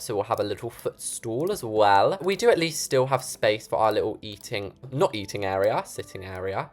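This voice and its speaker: A young adult, chatting excitedly and joking at their own expense while commentating on a building game. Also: mid-range voice. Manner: chatty, excitable, self-deprecating. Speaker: gaming YouTuber.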